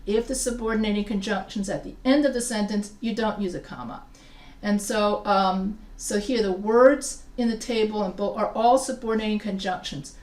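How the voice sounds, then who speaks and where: A writing instructor gives a live class lecture, talking casually with many restarts and often checking in with her students. Her mid-range voice is darkish at a normal speed, heard from far off in an echoey room.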